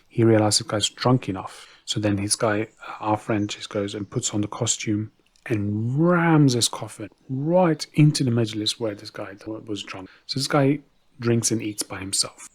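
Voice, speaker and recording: A man's voice: lowish voice, slightly rough. A man narrating a story in a casual, conversational way, with asides to the listener.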